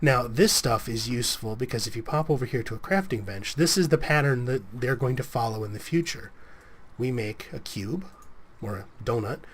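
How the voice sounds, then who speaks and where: A man's voice: medium pitch, slight background noise. Sniffly man rambling through gameplay. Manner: rambling, self-correcting, chatty. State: sniffly with a cold coming on. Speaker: let's play host. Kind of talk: casual gameplay commentary.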